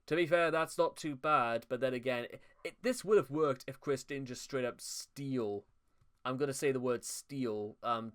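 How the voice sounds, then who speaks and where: Young man, commentary host, smooth clear voice, mid pitch; wry and sarcastic, stumbles and restarts. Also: normal speed. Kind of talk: mocking commentary reading scripted narration.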